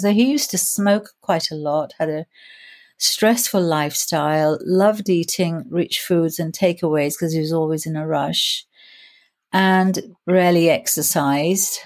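A woman in her sixties, a grief coach telling her own story in an interview, reflective and earnest, slowing down to stress key points. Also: on the low side, darkish tone. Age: 60s. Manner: reflective, earnest, slows down for emphasis.

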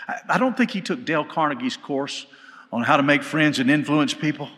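A man teaching a Bible study in sermon style, telling stories with animated delivery, recorded live in a church hall. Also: medium pitch, fast. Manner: animated storytelling, shouting quoted lines.

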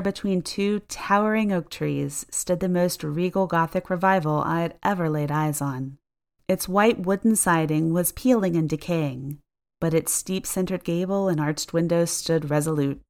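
A woman tells a first-person horror story in a reflective, measured way. Her voice is low and steady, and she paces the narration for effect.

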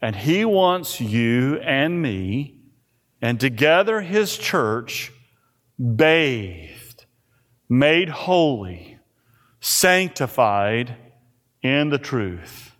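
A man pastor preaching a sermon, slow and emphatic, with dramatic pauses on key words. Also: mid-range voice, very animated, fairly bright tone. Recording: reverberant church hall.

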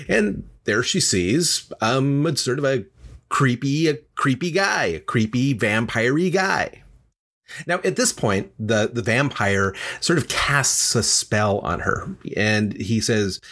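Husky man telling a folktale casually. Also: medium pitch, expressive, a little slow, a bit bright. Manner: chatty, many fillers and asides. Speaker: storyteller.

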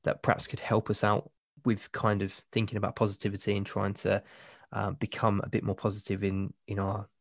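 A man hosts a podcast in a relaxed, hesitant way with plenty of fillers, and he laughs easily. His voice sits a little low and is recorded dry and close. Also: fairly quick, vocal fry, no echo. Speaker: podcast host. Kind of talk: casual interview chat.

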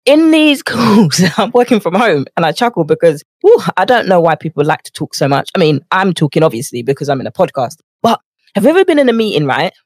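A woman's voice: lowish voice, sing-song, a little fast, darkish tone, no echo. A woman, a nutrition coach hosting a motivational podcast from her home office. She is chatty and acts out quoted voices, a little out of breath from walking on a treadmill pad.

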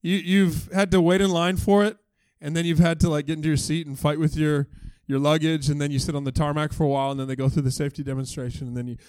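A man's voice: a little high, fast talker, clean tone, no echo. A male pastor preaching a casual, joking sermon, acting out voices as he tells stories. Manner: animated, joking, acts out quoted voices. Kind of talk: conversational sermon.

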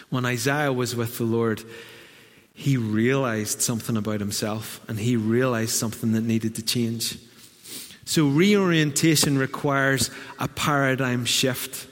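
Northern Irish preacher in a ringing hall. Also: male voice, mid-range voice, a little slow. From Northern Ireland. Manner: lively, humorous storytelling with asides. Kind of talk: sermon. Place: church. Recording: long church hall reverb.

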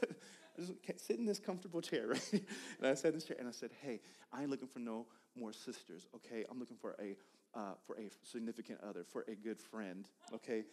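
A man in his thirties preaching a sermon, telling a personal story in a conversational way that swings from loud bursts to hushed asides. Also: mid-range voice, quick pace. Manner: conversational, repeats words and restarts.

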